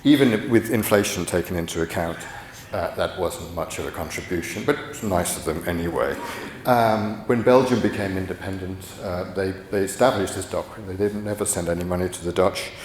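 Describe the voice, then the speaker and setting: Deep-voiced man lecturing in an echoey hall. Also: brisk. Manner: rambling, many restarts and fillers. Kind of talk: conference talk. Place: conference hall.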